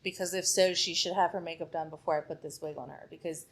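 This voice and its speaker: A woman's voice: deep voice, fairly even intonation, fast. A woman hairstylist chatting as a podcast guest, telling a story and acting out what people said, with lots of "like". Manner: chatty, acts out quoted dialogue, frequent "like".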